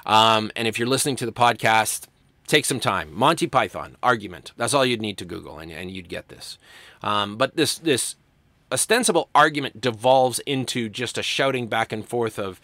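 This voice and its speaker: A man teaching a college writing class in a recorded lecture, conversational and animated, acting out quoted lines along the way. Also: lowish voice, moderate pace, no room sound.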